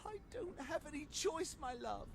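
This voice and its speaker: A woman's voice: high-pitched, big pitch swings, moderate pace, vocal fry, exaggerated voice. An actress voicing a determined woman in a video game, who speaks to her beloved in an earnest, apologetic but firm way. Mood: resolute.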